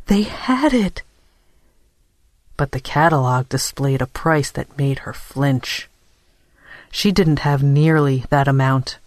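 Audiobook narrator, unhurried even read, dry close mic. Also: medium pitch, no echo. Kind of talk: scripted narration.

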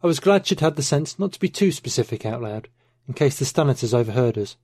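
A man reading a first-person novel aloud in a measured, even storytelling manner. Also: mid-range voice, no echo, clean studio sound. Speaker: narrator. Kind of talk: audiobook narration.

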